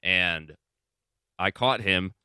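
A man's voice: very slow, bright, forceful tone, smooth, dry recording, studio quality. A man co-hosting a radio show, chatting casually and playfully. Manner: playful, jumps high when quoting himself. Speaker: radio co-host.

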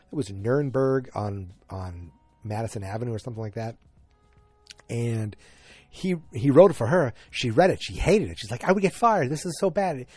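A man casually recapping a TV episode, halting and rambling with frequent restarts. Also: lowish voice, darkish tone, dry recording. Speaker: show recap host.

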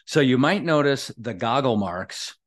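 A man's voice: medium pitch, animated, unhurried. A man hosting a leadership podcast, affirming his guest in a conversational way and often restarting and repeating his phrases. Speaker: podcast host.

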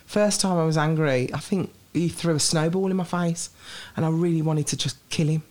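A woman with a Birmingham accent, chatting lively and laughing easily as an interview guest. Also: low-pitched, moderate pace, a little hiss or hum. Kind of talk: casual chat.

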